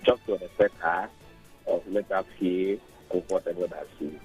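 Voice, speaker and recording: A Nigerian man calling into a radio show, speaking hesitantly with halting phrases. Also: low voice, steady tone, breathy edge, faint music behind, rough recording. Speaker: caller. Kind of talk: phone-in call.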